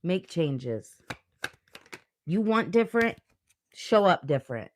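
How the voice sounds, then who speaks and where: A woman reading tarot cards on a livestream, with a slightly low voice and an unhurried, deliberate pace. She talks bluntly and earnestly, cursing freely as she pushes the listener to change. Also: very animated. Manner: blunt, profane, motivational; earnest, emotional. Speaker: tarot reader.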